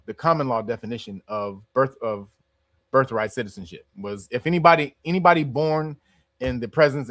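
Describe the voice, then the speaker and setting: A man hosting a livestream and giving casual commentary in an animated, profane style, laughing often. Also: medium pitch, no room sound, clean studio sound. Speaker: livestream host.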